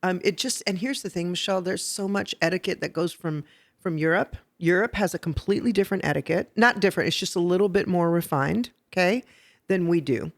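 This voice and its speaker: A woman hosting a podcast who teaches etiquette step by step, checking in with "okay?" and getting lively and laughing when she tells stories. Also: lowish voice, fairly quick. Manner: instructive, explains step by step with "okay?" and "right?". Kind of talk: casual podcast chat. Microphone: podcast microphone.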